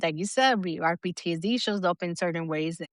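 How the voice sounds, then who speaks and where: Talking fairly quickly in a low-pitched voice with no echo, a middle-aged female podcast co-host keeps the casual chat blunt, cursing plenty and laughing often.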